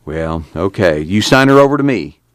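A man's voice: low voice, animated, normal speed, no room sound, clean studio sound. Man voicing a hesitant gas attendant, rural dialect, curious, guarded.

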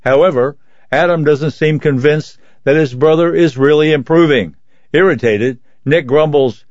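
A man volunteering as a reader for a reading service, reading magazine articles aloud in a steady, measured way. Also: on the high side, no room sound. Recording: dull, lo-fi, dry sound.

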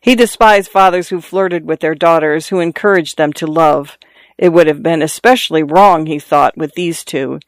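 A man reading a novel aloud in a measured storytelling manner, lifting his voice for characters' calls. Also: fairly even intonation, no room sound, clean studio sound. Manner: measured storytelling, lifts pitch for quoted calls. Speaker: audiobook narrator. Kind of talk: scripted narration.

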